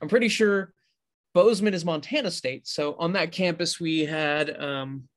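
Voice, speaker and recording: A man co-hosting a podcast, talking in a loose, rambling way and often correcting himself as he goes. His voice sits a little higher than most men's. The talk is easygoing and conversational. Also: normal speed. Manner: rambling, self-correcting storyteller. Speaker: podcast co-host. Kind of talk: casual podcast chat.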